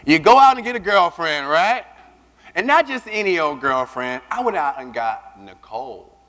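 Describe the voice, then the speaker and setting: Guy doing a keynote in a big echoey hall, storytelling style, bit of a higher voice. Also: normal speed. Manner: lively storytelling, acting out dialogue. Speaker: keynote speaker. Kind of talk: storytelling speech to an audience. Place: large conference hall. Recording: long reverb of a big hall.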